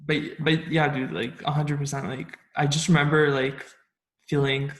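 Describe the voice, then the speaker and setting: A male host with a slightly high voice talks in an easygoing, casual way. The room around him sounds echoey. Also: flat delivery, moderate pace, fairly bright tone. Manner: easygoing, backchannels often. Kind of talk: casual chat.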